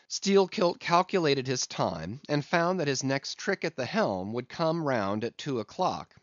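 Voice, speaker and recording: A man narrating a classic novel in an expressive storytelling manner. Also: medium pitch, no echo. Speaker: audiobook narrator. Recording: dull lo-fi audiobook recording.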